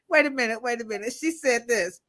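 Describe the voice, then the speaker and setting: A woman's voice: fairly high pitch, brisk, fairly bright tone. A woman co-hosting a live stream, chatting casually and playfully with slang and laughter. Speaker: co-host.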